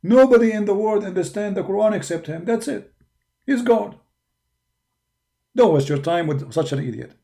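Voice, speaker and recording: Arabic-accented man, gravelly and dark-toned, emphatic debater who mocks his opponents. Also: high voice, animated, normal speed, pauses often. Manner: combative, mocking, emphatic. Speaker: religious debater. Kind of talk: polemical monologue.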